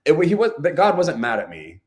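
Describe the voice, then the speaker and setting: A man's voice: fairly high pitch, huge pitch swings, brisk, darkish tone. A man, a podcast guest, telling a personal story in earnest conversation, often saying "like" and "right?".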